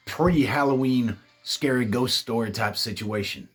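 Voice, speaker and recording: Brief: low, husky man spinning a profane spooky yarn, animated and loose. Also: moderate pace, faint music behind. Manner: profane, animated storytelling, calls listeners babies. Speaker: storyteller. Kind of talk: casual ghost-story telling.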